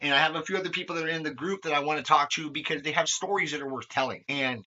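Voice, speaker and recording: A man's voice: a little high, rapid-fire, bright, forceful tone. A young man hosting a podcast, talking candidly in a rambling way with lots of fillers and swearing. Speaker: podcast host. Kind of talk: candid conversational chat. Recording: dull lo-fi sound.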